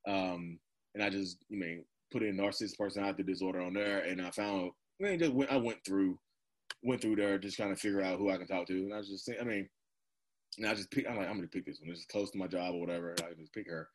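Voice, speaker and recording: This is a low-pitched, quick-speaking man in his thirties, a guest in a casual, candid interview. He wanders from point to point, laughs frequently, and dramatizes the things he says.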